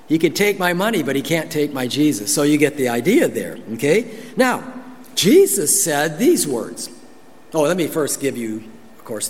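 A man's voice: fairly high pitch, big-room sound. A man preaching a conversational sermon as pastor, folksy and full of asides and personal stories. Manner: folksy, storytelling, many asides.

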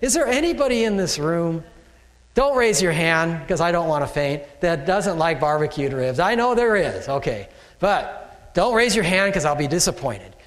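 Animated high-voiced male pastor. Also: moderate pace, in a large hall. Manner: conversational, animated, with frequent "okay" and "all right" check-ins. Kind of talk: sermon.

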